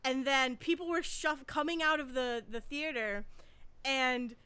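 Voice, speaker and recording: Woman cohost rambling thru a story, high voice, swears a lot, dry close sound. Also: steady tone, measured pace, bright, forceful tone, clean tone, no echo. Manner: rambling anecdote with frequent swearing and restarts. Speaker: podcast co-host. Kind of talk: casual chat.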